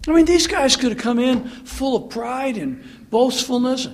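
A male pastor delivering a sermon in an earnest, conversational way. His voice is husky and sits high for a man. He slips into wry, mocking asides. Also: expressive, a little slow, hardly any pauses, a little mellow.

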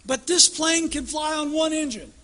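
A man playing an airline captain who calmly reassures his passengers over and over. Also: very high voice, moderate pace, voice pushed up. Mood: reassuring. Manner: repeated soothing announcements.

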